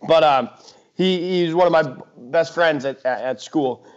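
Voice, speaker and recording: A young man co-hosting a sports podcast, telling a story in a chatty, animated way with lots of fillers and restarts. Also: on the high side, unhurried, clear, resonant tone. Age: young adult. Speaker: podcast co-host. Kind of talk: casual sports chat. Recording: dull lo-fi podcast audio.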